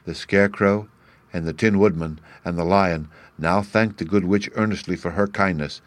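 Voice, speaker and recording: A man reading a storybook aloud as an audiobook narrator, calm and even. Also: low-pitched, moderate pace, no echo.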